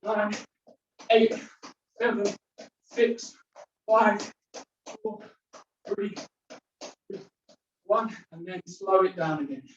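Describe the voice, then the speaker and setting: A woman's voice: mid-range voice, very slow, pauses often. A woman fitness instructor leading a workout indoors, counting down and calling out moves while exercising along, breathing hard between exercises. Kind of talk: leading a home workout class. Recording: very echoey room, distant mic, dull sound, faint noise.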